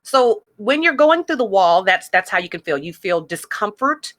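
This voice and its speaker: A woman's voice: medium pitch, sing-song, moderate pace, fairly bright tone. A woman hosting a ministry podcast, speaking candidly and emotionally about her faith in a conversational way. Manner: emotional, conversational, reads song lyrics aloud, fillers like "like". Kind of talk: candid personal faith talk.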